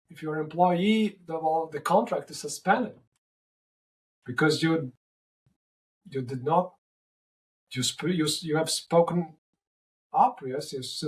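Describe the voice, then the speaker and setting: A man answering interview questions in a halting way, often repeating and restarting words. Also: fairly high pitch, rough recording. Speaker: podcast guest.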